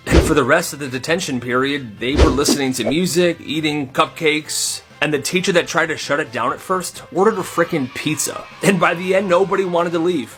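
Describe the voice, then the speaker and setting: A man tells comedic stories with a slightly high, very lively voice, jumping around in pitch as he acts out the characters. Music plays clearly behind him throughout. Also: moderate pace. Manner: animated, switches into character voices. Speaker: storyteller.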